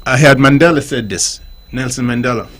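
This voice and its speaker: A man's voice: medium pitch, fairly quick, a bit bright. A man talking on a call-in radio show. He explains his points like a teacher and keeps checking whether the listener understands.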